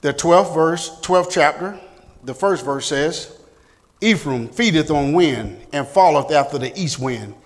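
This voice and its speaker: A man teaches a Sunday school class, his voice sitting a little high for a man. He reads scripture in a steady, earnest way. The sound rings with long hall reverb. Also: measured pace. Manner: steady, earnest reading with church exclamations.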